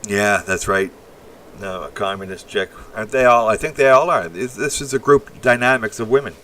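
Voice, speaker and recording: A blunt, crude man from Canada chats loosely on a livestream, rambling through his reactions to the chat. His voice sits on the low side and comes from a little away from the mic. A faint hiss hangs behind him, with keyboard typing. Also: normal speed, a bit bright, far from the mic. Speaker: livestream host. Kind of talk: casual live-stream chat.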